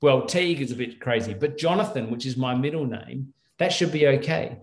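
A man's voice: mid-range voice, fairly quick, reverberant. A middle-aged man, a guest doctor, telling stories in a rambling, restarting way in a casual interview. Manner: rambling, with many restarts and fillers.

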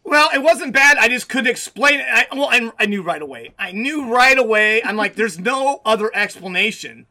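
Bright-voiced pastor telling a story. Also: male voice, extremely high pitch, moderate pace, hardly any pauses. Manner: animated, storytelling with restarts. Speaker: pastor and radio show host. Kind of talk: casual chat.

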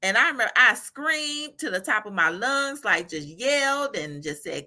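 Bright, animated woman encourager. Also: a little high, moderate pace. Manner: animated, laughs often, asks "right?" repeatedly. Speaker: faith encourager. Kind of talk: informal devotional talk.

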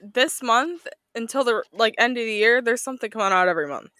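A woman co-hosting a podcast, chatting in a relaxed way with frequent laughs. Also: on the high side, brisk, no echo. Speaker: podcast co-host. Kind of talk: casual chat review.

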